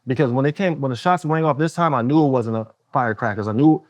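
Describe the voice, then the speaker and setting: A man's voice: mid-range voice, quick pace, no room sound. A man hosting a casual conversation, telling a personal story with lots of fillers and acting out other people's voices. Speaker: host.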